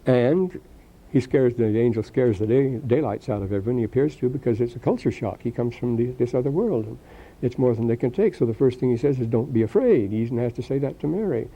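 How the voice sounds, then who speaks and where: A man's voice: mid-range voice, brisk, breathy edge, dull audio. An older man giving a rambling classroom lecture, with many restarts and asides.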